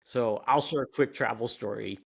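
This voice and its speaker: Hombre contando anécdotas con animación. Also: male voice, medium pitch, moderate pace, vocal fry, husky. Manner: lively storyteller, laughs while telling. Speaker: podcast host. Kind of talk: casual chat.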